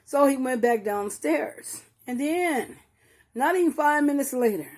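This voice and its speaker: A woman's voice: high-pitched, expressive, a little slow, a little mellow. An older woman telling a personal story to her viewers as a grieving mother, talking straight to listeners and often restarting her sentences. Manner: talks straight to listeners, calling them y'all; repeats and restarts while recalling painful memories.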